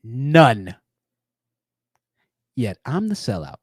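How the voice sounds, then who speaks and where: A man's voice: fairly high pitch, very animated, a little slow, long pauses, no echo, studio quality. A man hosting a live-streamed call-in show, combative and sarcastic, often repeating phrases for emphasis. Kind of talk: live stream commentary with callers.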